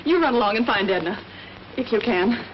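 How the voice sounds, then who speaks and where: An actress playing a quick-witted young woman crime writer who talks briskly and takes charge, in a 1930s film. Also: fairly high pitch, expressive, natural voice. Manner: brisk, bossy, coaxing. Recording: dull old film soundtrack with faint hiss.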